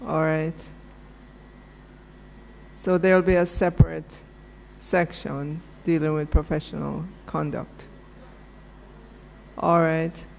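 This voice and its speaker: A man chairing a parliamentary committee in a large hearing room, giving brief, measured procedural prompts. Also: on the high side, little pitch movement, creaky, darkish tone. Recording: long hall reverb.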